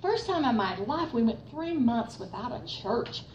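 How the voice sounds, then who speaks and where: An older woman telling a faith testimony to a church group, animated and storytelling. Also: a little high, a little slow, muffled recording. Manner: animated storytelling, laughing through excited parts. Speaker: speaker giving a testimony. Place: room with a gathered group. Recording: roomy, distant mic with faint noise.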